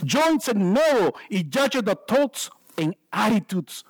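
Speaking slowly in a high, sing-song voice, a man with a non-native English accent delivers a church sermon. His self-deprecating jokes come often, as do stammered restarts. The low-quality audio is slightly rough but has no echo.

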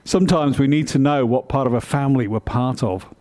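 A man preaching a sermon, explaining the text in an earnest way with deliberate emphasis. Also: mid-range voice, dark tone.

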